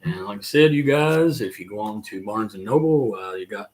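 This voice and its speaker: An older man with a Southern accent from the North Carolina mountains, hosting a casual live chat in a folksy, rambling way with drawn-out fillers. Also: fairly low pitch, lively intonation, a little mellow, slight background noise. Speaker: livestream host and musician.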